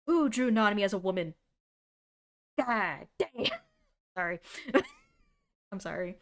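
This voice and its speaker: A young woman in her twenties streaming a casual reaction, talking in an animated and sarcastic way and laughing often. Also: mid-range voice, slow, long pauses.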